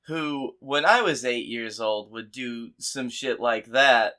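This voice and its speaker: A man co-hosting a comedy podcast, chatting casually and dropping dry, quick comic asides. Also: medium pitch, bright, forceful tone. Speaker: podcast co-host.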